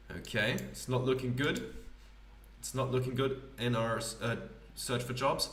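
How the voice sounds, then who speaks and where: A man's voice: mid-range voice, unhurried, a bit bright, reverberant, far from the mic. A man giving casual, offhand commentary while playing a game. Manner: offhand, hesitant asides. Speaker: let's play host.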